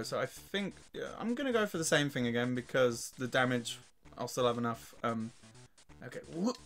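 A man's voice: mid-range voice, a bit bright. An English man with a weak, worn voice gives casual gameplay commentary, laughing and swearing as he trash-talks the game. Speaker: let's play host.

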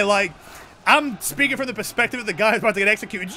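A man's voice: high-pitched, expressive, quick pace, sharp tone, slight background noise. A young man streaming a video game with rambling, joking, profane commentary. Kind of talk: casual gameplay commentary.

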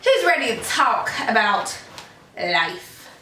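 A woman's voice: on the high side, big pitch swings, takes it slowly, pushed and bright, slight background noise. A young woman vlogging casually to camera, rambling with lots of fillers and slang. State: out of breath. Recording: echoey room, far from mic.

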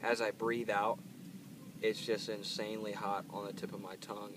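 A man's voice: lowish voice, little pitch movement, moderate pace, noisy background. A man hosting his own channel, talking casually and earnestly to camera outdoors while in pain from pepper heat. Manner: earnest, rambling, with fillers. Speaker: channel host reviewing hot peppers. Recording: distant mic with faint outdoor ambience.

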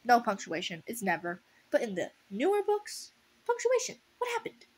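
A woman casually reads a fan story aloud, breaking off for unscripted, sarcastic commentary and frequent laughter as an audiobook reader and commentator. Her voice is on the high side with wildly swooping pitch, a breathy edge, and a moderate pace.

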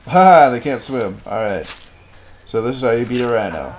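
A man giving goofy, crude gameplay commentary with sudden loud outbursts. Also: mid-range voice, sing-song, moderate pace, slight background noise. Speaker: gaming channel host.

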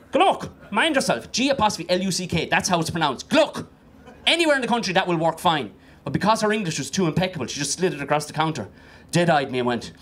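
A young Irish man on stage doing stand-up, his voice sitting high and leaping all over the place. He swears with gusto and keeps slipping into other people's voices. His Irish accent is strong throughout. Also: fairly bright tone, a little hiss or hum. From Ireland. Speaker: comedian. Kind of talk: stand-up comedy set.

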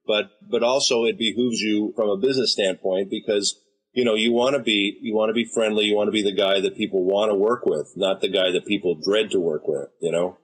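A man's voice: lowish voice, steady tone, brisk, breathy edge, low-quality recording. An American man in his fifties, a voice actor and director, telling stories in an easygoing, anecdotal way as an interview guest. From United States. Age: 50s. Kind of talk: casual interview talk.

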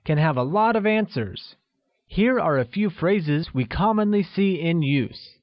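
A man reading a scripted language lesson, slowly spelling out each phrase for learners. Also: a little high, animated, dry recording. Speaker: language teacher. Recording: dull, lo-fi voice-over recording.

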